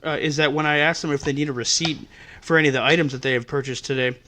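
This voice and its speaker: A man's voice: fairly high pitch, fairly even intonation, fast talker, pushed and bright, a little hiss or hum. A man hosting a podcast, telling customer-service stories in an exasperated, profane rant. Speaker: podcast host. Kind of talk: ranting storytelling.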